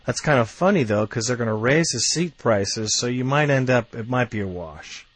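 A man ranting as a fan commentator, blunt and quick to swear, working himself up into heated outbursts. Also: mid-range voice, animated, dry recording.

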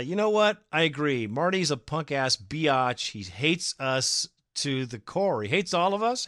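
Male podcast host, rowdy sports fan, bright edge, dry sound. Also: medium pitch, no room sound. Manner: animated, trash-talking sports fan. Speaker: podcast host reading listener messages. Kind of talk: casual fan podcast commentary.

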